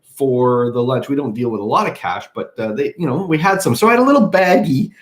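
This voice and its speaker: A man co-hosting a casual church live chat, telling a story in an animated, rambling way with frequent restarts. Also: mid-range voice, a little fast. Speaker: church staff co-host.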